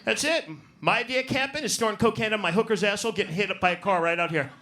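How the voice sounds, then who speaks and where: A man's voice: high voice, racing, sharp tone. A man doing a profane, brash stand-up set in a comedy club, working the crowd. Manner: profane, brash, riffs on audience.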